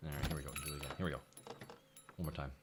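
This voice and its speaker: A man streaming, chatting casually and excitedly, swearing freely as he reacts. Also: very deep voice, rapid-fire, slight background noise.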